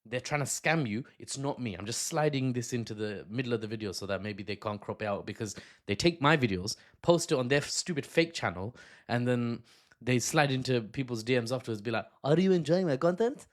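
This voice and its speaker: Quick, joking man commenting on news. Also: medium pitch. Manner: quick, digressive, joking asides. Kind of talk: casual political commentary video.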